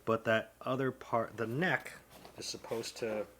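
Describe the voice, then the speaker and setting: A man's voice: medium pitch, steady tone, unhurried, pushed and bright, a little hiss or hum. A man, a comedian, casually narrating his own vlog, muttering and joking at himself while he fiddles with gear in a hotel room. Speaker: comedian and vlogger.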